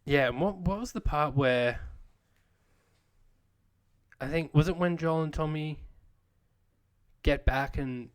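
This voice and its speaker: A man's voice: fairly high pitch, slow pace, long pauses, smooth. Man rambling through a casual recap. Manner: rambling recap with many fillers, asks questions. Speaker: podcast co-host. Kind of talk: casual chat.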